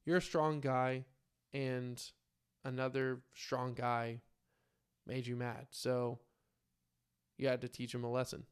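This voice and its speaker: A man's voice: medium pitch, flat delivery, slow pace, long pauses, smooth, close to an everyday voice. Man doing a laid-back, blunt male adventurer. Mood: reassuring. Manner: casual, offhand.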